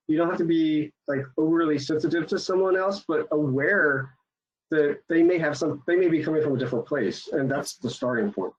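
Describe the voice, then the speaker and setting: Earnest male guest, slightly high voice, halting delivery, dull lo-fi call sound. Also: husky. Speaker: guest speaker. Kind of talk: casual webinar talk.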